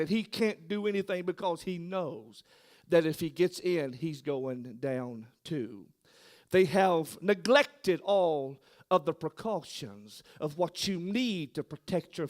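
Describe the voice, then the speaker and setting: A man preaches in church with a high, ringing voice. His delivery is impassioned, swinging from shouting to a hushed near-whisper. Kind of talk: sermon.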